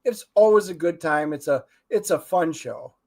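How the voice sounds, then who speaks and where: A man's voice: fairly high pitch, expressive, normal speed, gravelly, darkish tone. A man co-hosting an interview show, joking around and plugging events in a casual chat. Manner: playful, joking plugs and banter. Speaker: co-host.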